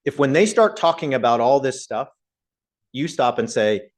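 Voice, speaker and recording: A male professor speaks to a live audience in a meeting room. His pitch sits in the middle range. His delivery is conversational, and he often turns to the audience with questions. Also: very animated, moderate pace. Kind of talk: public talk to a live audience.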